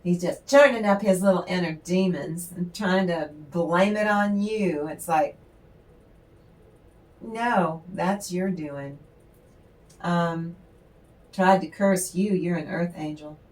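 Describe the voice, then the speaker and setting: Lady tarot reader rambling on, kinda low voice, warm and chatty, clears her throat a lot. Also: takes it slowly, long pauses. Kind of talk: casual spiritual tarot reading.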